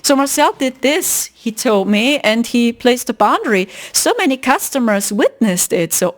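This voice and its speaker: Podcast host, female, high and expressive, casual emphatic storytelling. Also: moderate pace, hardly any pauses. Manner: animated, emphatic, retelling a story.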